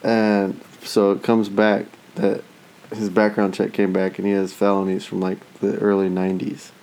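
A man in his thirties talks casually, swearing freely as he tells his stories. His voice is low and dark, and he acts out other people's lines with quick, animated turns. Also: rough recording. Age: 30s. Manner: profane, animated storytelling with voiced asides. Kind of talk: casual chat.

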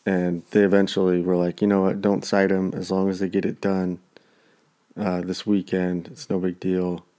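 A man with a fairly low, mellow voice tells a story in relaxed conversation. He jumps up into livelier voices when he quotes the people involved. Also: moderate pace. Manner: animated storyteller acting out quotes. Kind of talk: casual storytelling chat.

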